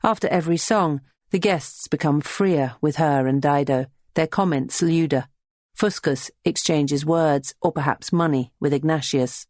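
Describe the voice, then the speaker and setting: Reading a historical novel, the audiobook narrator keeps a measured, even storytelling tone at a mid pitch. It's scripted narration captured in a dry, close recording.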